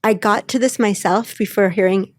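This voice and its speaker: A woman's voice: mid-range voice, moderate pace, dry recording. Effusive woman in a dry, close sound. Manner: effusive, emotional, quotes others in lively voices. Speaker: podcast co-host. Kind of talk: casual heartfelt chat.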